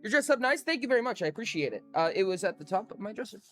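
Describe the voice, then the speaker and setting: Streamer for a casual chat stream: bouncy, animated pitch, rambling and self-mocking, faint music underneath. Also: very fast. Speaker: live streamer.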